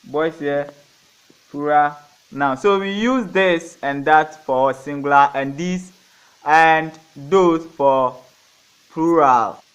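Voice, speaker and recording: A man teaching a grammar lesson, going slowly through examples, repeating each one and asking and answering his own questions. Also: on the high side, clear, resonant tone. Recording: dull lo-fi recording.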